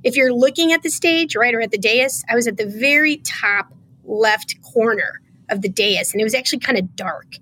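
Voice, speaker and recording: A woman's voice: fairly high pitch, normal speed, bright, forceful tone, a little hiss or hum. A woman guest on a podcast, telling a painful personal story with emotion, close to tears, in an earnest way with many fillers.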